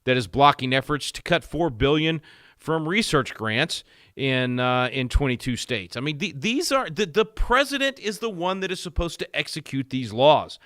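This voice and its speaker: A man's voice: fairly high pitch, very animated, moderate pace, fairly bright tone, no echo, studio quality. A male radio host giving emphatic talk radio commentary, rising sharply on key points, with many fillers and restarts. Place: radio studio.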